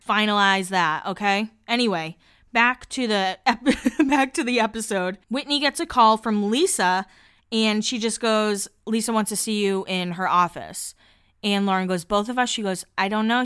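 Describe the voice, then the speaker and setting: Chatty young podcast host, woman from boston, smooth clean voice, recapping a reality show. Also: mid-range voice, a bit bright. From Boston area, United States. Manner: chatty, quotes others in little voices, laughs often. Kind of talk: casual recap chat.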